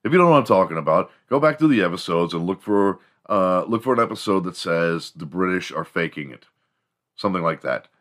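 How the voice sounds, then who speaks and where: Low-voiced crude joking man. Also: lively intonation, brisk, a bit bright. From Houston, Texas. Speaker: podcast host. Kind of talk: casual solo monologue.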